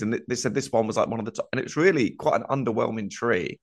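A man's voice: medium pitch, lively intonation, fast. A man co-hosting a comedy podcast, telling a meandering anecdote in casual chat, full of fillers.

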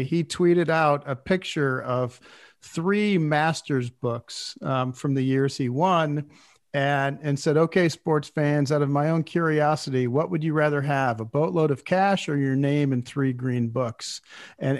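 A man hosting a golf podcast, recapping news in a halting way with many fillers. His voice sits a little high, and the recording is dry with no room sound. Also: no echo. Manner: hesitant, filler-heavy recap. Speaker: podcast host. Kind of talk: casual chat.

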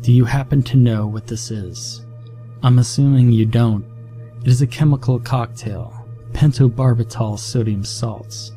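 A man's voice: mid-range voice, a little slow, soft background music, close to an everyday voice. A man doing a cold, formal scientist. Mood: detached. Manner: calm, unemotional, formal. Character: cold, calm male scientist over a speaker.

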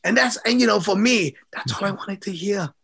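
A middle-aged former amateur boxer, a guest in a casual interview, tells his stories with an animated manner, laughing often and acting out what others said. His voice is high with a gravelly edge, and he talks a little fast.

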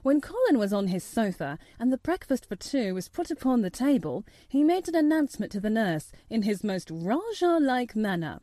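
A woman narrating a children's storybook in an expressive, measured reading. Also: fairly high pitch, no room sound, studio quality.

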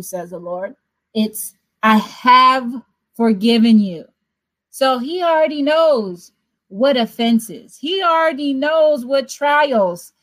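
A woman's voice: on the high side, poor audio. A woman leading a late-night prayer broadcast, teaching in a loose, conversational way with joking asides and words repeated for emphasis. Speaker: prayer leader. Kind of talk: casual devotional teaching.

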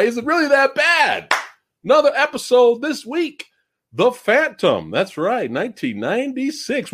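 Guy in his 40s hosting a stream, laughs a lot, pitch jumps all over, kinda high for a guy. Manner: laughs often, chatty with chat. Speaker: host. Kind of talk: casual livestream chat. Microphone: headphones or earbuds mic.

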